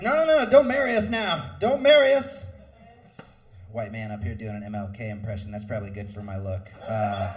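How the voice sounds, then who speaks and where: A man's voice: mid-range voice, a little hiss or hum. A man hosting a comedy show, rambling with sarcastic, crude jokes between acts.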